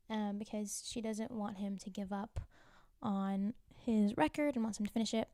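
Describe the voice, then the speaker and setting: A chatty woman retells a TV drama as a vlogger, giggling and tossing in asides. Her voice sits a bit high with a soft, mellow tone. The sound is dry and close, with no room around it. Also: no echo. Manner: gossipy, giggly, full of "like" and asides. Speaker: TV recap vlogger. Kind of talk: casual chatty recap.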